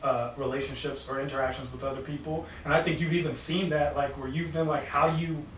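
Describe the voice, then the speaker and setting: A man's voice: mid-range voice, level tone, quick pace, a little hiss or hum. A man co-hosting a podcast in casual banter, brash and self-assured. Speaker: podcast co-host. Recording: roomy sound from a distant mic.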